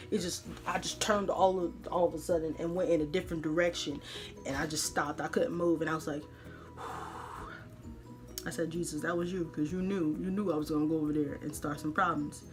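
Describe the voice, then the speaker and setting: A young woman hosting her own vlog, telling a funny story in a casual, animated way with many fillers. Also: on the low side. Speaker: vlog host.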